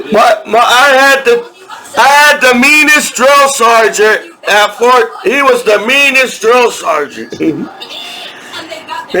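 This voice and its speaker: A man's voice: sits high, bright, forceful tone, a little hiss or hum, low-quality recording. An army veteran talking in a casual, rambling monologue, swearing freely, laughing often and restarting his sentences. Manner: rambling, profane, laughs often between lines; repeats himself and restarts sentences.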